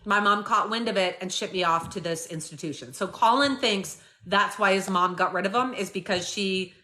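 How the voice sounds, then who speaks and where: Bright-voiced chatty woman host. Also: mid-range voice, moderate pace. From Canada. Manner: chatty, animated retelling with many fillers. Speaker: live-stream host. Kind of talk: casual live-stream chat.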